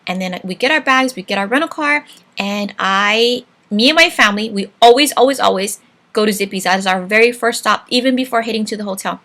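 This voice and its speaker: A woman's voice: medium pitch, a little fast, pushed and bright. A woman from Hawaii hosting a cooking vlog, chatting with viewers in a digressive, friendly way. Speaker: cooking channel host. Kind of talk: casual cooking vlog chat.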